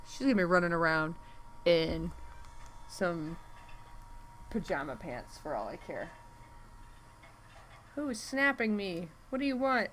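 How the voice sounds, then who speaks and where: An artist streaming while she draws thinks aloud, rambling, easily distracted, full of filler words and sudden exclamations at what's on screen. Her voice is lowish, animated and a bit bright; she speaks slightly slowly with frequent pauses, over slight background noise.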